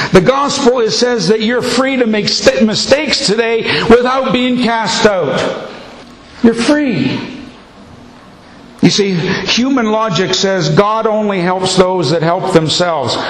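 High-voiced man preaching in an echoey hall. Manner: emphatic, repetitive preaching cadence. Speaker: pastor. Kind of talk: sermon. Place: church sanctuary. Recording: echoey hall, faint ambience.

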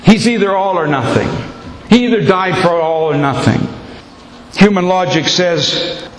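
A man's voice: sits high, animated, unhurried, a little hiss or hum. A male pastor preaching a sermon to his congregation, with an emphatic, repetitive cadence. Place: church sanctuary. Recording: echoey hall, faint ambience.

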